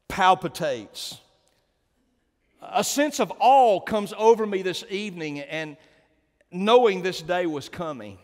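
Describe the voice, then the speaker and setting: A man preaching a sermon as pastor, impassioned, dropping to hushed tones and rising to loud exclamations. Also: on the high side, long reverb tail.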